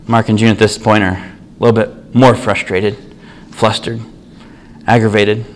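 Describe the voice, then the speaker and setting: A man's voice: fairly low pitch, little pitch movement, normal speed, rough recording. A man preaching a sermon, telling an everyday story in an earnest, conversational way.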